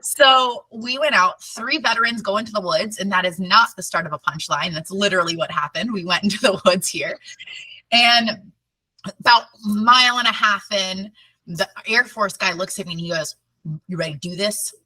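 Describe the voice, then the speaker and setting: A woman guest on a podcast, telling a personal story in a lively, chatty way and laughing often. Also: medium pitch, normal speed, no echo, far from the mic, low-quality recording.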